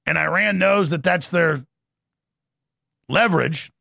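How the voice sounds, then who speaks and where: A middle-aged man hosting a political commentary show, sarcastic and jokey in an animated way. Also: on the high side, slow pace, gravelly, dry recording, studio quality. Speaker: show host.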